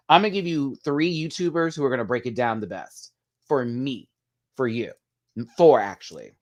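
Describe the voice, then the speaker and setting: Male live-chat host, casual gossipy commentary, animated and talkative, ordinary mid-range voice. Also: normal speed. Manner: chatty, gossipy, big swings in pitch and loudness; addresses viewers as "girl" and "y'all". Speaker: livestream host.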